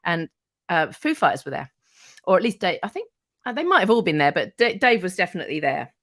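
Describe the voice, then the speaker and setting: Woman, middle-aged, radio presenter as chatty guest, animated and a bit sweary. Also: on the low side, brisk. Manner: animated, acts out quoted voices, swears freely. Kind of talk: casual anecdote telling.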